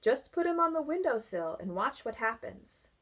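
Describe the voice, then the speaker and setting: A woman voicing a gentle, patient father in a read-aloud storybook, speaking calmly and reassuringly. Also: on the high side, moderate pace. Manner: calm, soft and reassuring.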